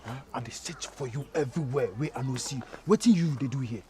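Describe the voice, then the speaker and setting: A man's voice: mid-range voice, fast, close to an everyday voice. A man playing a jealous, confrontational Ghanaian guy. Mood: angry. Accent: Ghanaian Pidgin English. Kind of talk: comedy drama acting.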